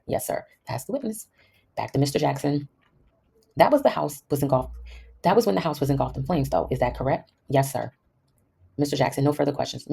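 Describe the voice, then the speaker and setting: A woman's voice: a bass voice, creaky, warm tone, slightly rough. A woman who hosts a podcast, reading a court transcript aloud and voicing every part herself, with wry asides of her own. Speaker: podcast host.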